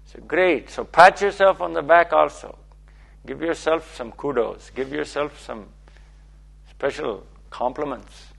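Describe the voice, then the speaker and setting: Male spiritual teacher, gravelly and a bit husky, playful and repetitive, keeps checking in with listeners. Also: fairly high pitch, unhurried, fairly bright tone. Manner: playful, repetitive, asks okay often. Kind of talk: spiritual talk.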